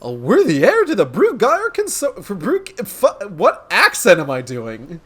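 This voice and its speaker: A man's voice: very high-pitched, huge pitch swings, unhurried, fairly bright tone, breathy edge, pitched above the performer's own voice, heavily acted. A man voicing a blustering, pompous wealthy older father. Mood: jovial.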